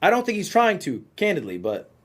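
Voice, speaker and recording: A man's voice: sits high, wildly swooping pitch, a little fast. A young man streamer in a played clip, talking earnestly and reflectively about himself and his critics. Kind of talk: casual talk.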